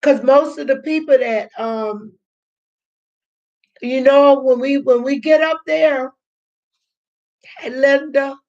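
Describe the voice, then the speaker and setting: Older woman, channel host, emotional and near tears, slow high delivery. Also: a little mellow, muffled recording. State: tearful. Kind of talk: live-stream chat with viewers.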